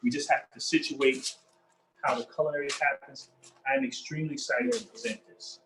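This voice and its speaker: A man's voice: mid-range voice, moderate pace, pauses often, fairly bright tone, slight background noise, rough recording. A man hosting a cooking demonstration in a kitchen, upbeat and chatty, talking straight to his viewers. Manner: upbeat, chatty, addresses viewers as y'all and family. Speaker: chef hosting a cooking demo.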